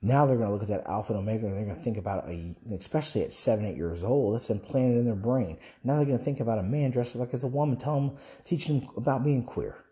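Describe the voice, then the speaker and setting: Speaking fast and mellow in a mid-range voice, this young man barely pauses as he delivers a fervent, preachy Christian commentary online. His monologue wanders, restarts, and leans on rhetorical questions.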